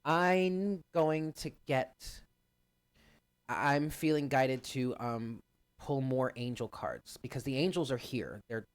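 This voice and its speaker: A man at a medium pitch leads a live channeled card reading. He speaks earnestly and turns often to address his viewers directly. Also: slow pace, clean tone. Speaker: spiritual card reader.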